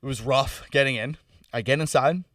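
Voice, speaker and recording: Young dude rambling through a story, lots of like and bro, kinda far from the mic, dead dry sound. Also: male voice, mid-range voice, normal speed, no room sound. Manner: loose and animated, lots of "like" and "bro". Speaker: podcast co-host. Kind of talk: casual storytelling chat.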